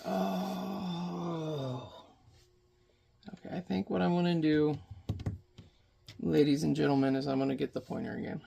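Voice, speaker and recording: A man in his thirties talks casually as he paints at home, rambling along with a joking tone and the odd swear word. His voice sits slightly high and has a gravelly, fry-heavy texture. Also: steady tone, fairly quick, pauses often, warm tone. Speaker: painting vlogger. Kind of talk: casual chat while painting.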